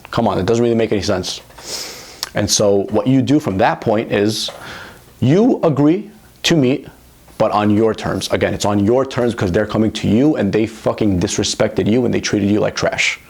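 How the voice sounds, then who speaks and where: A man's voice: on the low side, creaky, darkish tone. A young adult man giving blunt, profane dating advice straight to the camera as a coach, with heavy emphasis. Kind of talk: direct-to-camera advice monologue.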